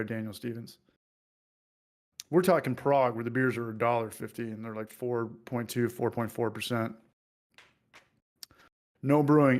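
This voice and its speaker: Joking man hosting a beer livestream. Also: mid-range voice. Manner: loose and joking, reads viewer comments aloud. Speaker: livestream host. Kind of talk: casual livestream chat.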